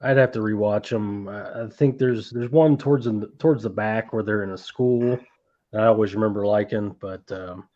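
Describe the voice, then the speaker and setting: A man's voice: fairly low pitch, steady tone, normal speed, warm tone. A man hosting a casual movie-collecting live stream, rambling, swearing freely and reading out chat messages. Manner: rambling, profane, reads chat aloud. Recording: dull lo-fi stream audio.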